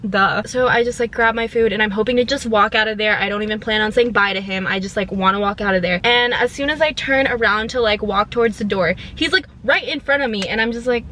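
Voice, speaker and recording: A woman's voice: fairly high pitch, a little fast, hardly any pauses, a little hiss or hum. Chatty young woman vlogging in a car. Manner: chatty, animated retelling with quoted voices. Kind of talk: casual storytime vlog.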